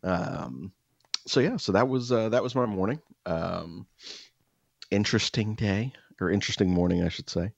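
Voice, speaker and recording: A man co-hosting a podcast, telling a story in casual chat, animated and swearing as he acts out quotes. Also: lowish voice, normal speed, vocal fry, slightly rough, dry recording, highs cut off. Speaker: podcast co-host.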